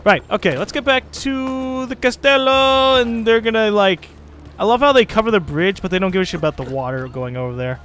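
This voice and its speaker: A man's voice: sits high, brisk, a bit bright. A man giving casual commentary as he plays a video game, rambling, joking and swearing often. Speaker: let's play host.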